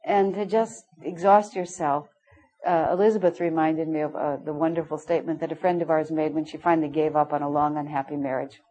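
A woman's voice: low voice, level tone, a little fast, warm tone, low-quality recording. A middle-aged woman teaching a spiritual class, telling candid stories with frequent laughter. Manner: candid, storytelling, laughs often. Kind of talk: informal spiritual class talk.

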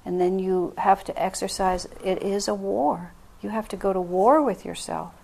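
A woman's voice: mid-range voice, normal speed, gravelly, darkish tone. A woman spiritual teacher speaking to a group, earnest and frank, breaking into laughs now and then. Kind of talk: spiritual talk with questions.

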